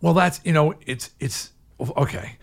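An older man talking as an interview guest, his voice sitting a little higher than most men's. He tells his story in a candid, animated way, shouting some points and dropping others almost to a murmur. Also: measured pace, creaky. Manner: animated, swings from loud emphatic outbursts to low hushed asides.

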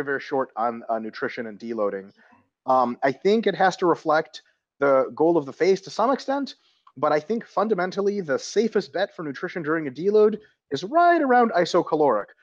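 A man with a slightly raised pitch speaks bluntly and animatedly, dropping profanity into a casual panel chat. His voice comes through dull and muffled, with a dry, close sound. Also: dry recording. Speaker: panel guest, coach.

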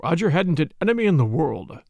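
A man doing a quiet, stolid gentleman. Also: fairly high pitch, sing-song, creaky, no room sound, heavily acted. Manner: quiet and slow. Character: stolid, reserved man of few words.

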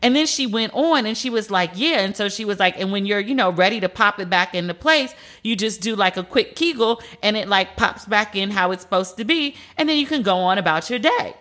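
A woman's voice: mid-range voice, animated, fairly quick, few pauses, a bit bright. An American woman hosting a podcast, chatting candidly and telling stories with slangy asides. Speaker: podcast host. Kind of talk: casual solo podcast chat.

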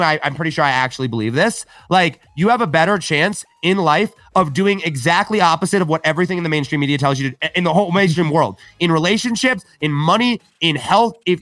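A man with a bright, forceful voice talks animatedly on a podcast and slips into quoted dialogue as he tells stories. He says "right?" and "like" constantly. He is recorded dry and close, with faint music behind him. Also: high-pitched, no room sound. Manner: frequent filler "right?" and "like". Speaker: podcast guest. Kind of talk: casual podcast conversation.

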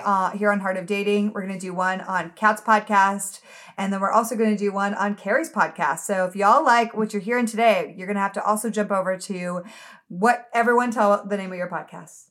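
A woman's voice: medium pitch, steady tone, brisk, fairly bright tone. A woman hosting a podcast in casual chat, bubbly and laughing often. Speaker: podcast host.

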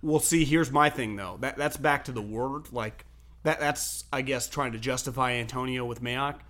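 A man hosting a sports talk show, telling stories in a loose, profane, animated way and laughing often. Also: mid-range voice, moderate pace.

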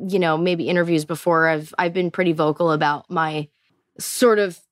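A woman's voice: lowish voice, normal speed, no room sound, clean studio sound. A Canadian woman in her forties, a podcast guest telling stories in casual chat, with lots of fillers and restarts. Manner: chatty, animated storyteller with many fillers and restarts.

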